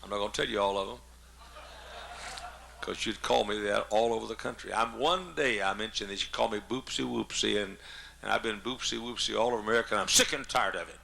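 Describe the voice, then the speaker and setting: A man's voice: fairly low pitch, brisk, creaky, sharp tone, a little hiss or hum. A man in his seventies, a pastor preaching a humorous sermon in a folksy, joking way, coughing often. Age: 70s.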